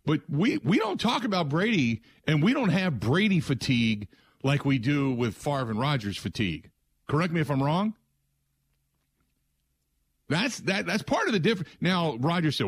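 A man's voice: mid-range voice, no echo. A man hosting a sports talk radio show, emphatic and opinionated, with many fillers as he argues his point.

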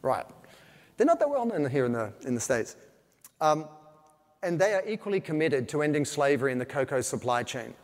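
A veteran marketer gives an animated keynote, a man with a somewhat high-pitched voice telling stories and acting out quoted asides. His voice carries a long reverb from the hall around him. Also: a little fast. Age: older. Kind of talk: business talk to a live audience.

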